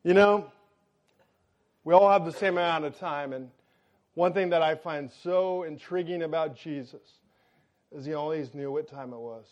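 A middle-aged man preaching a sermon, telling a funny, animated story and acting out the lines of the people in it. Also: fairly high pitch, normal speed, pauses often, muffled recording. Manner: animated, jokey storytelling with acted-out quotes. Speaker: pastor.

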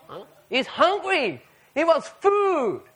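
A man preaching a sermon to a live audience, animated and firing rhetorical questions at the listeners. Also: very high voice, slow.

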